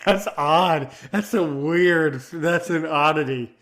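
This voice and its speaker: A man's voice: a little high, takes it slowly, a bit bright. A man appearing as a guest on a casual podcast, answering in a thoughtful, hedging way. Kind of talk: casual chat.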